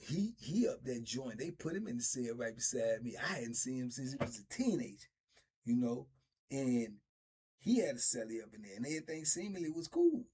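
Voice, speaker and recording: A man's voice: medium pitch, dark tone, slightly rough. A middle-aged man telling stories in a laid-back, drawling way, laughing often. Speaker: storyteller host. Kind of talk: casual storytelling.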